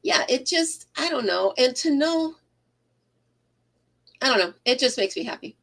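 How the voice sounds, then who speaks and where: Woman, unhurried, rambling livestream crochet host who greets viewers by name. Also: high-pitched, expressive, gravelly, fairly bright tone. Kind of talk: casual livestream chat while crocheting. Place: craft room at home.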